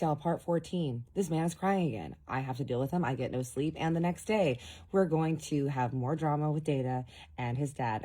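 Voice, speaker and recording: A woman from Dallas, telling a casual storytime vlog and chatting straight to her viewers. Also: low voice. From Dallas, Texas. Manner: chatty, addresses viewers directly.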